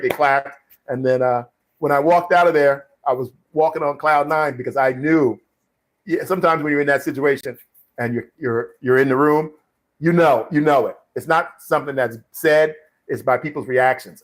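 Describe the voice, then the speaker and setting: A middle-aged man hosting a live stream Q&A about acting, talking casually with many fillers and restarts as he tells stories and gives advice. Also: mid-range voice. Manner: rambling storyteller, frequent fillers and restarts. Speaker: live stream host, actor. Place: home studio.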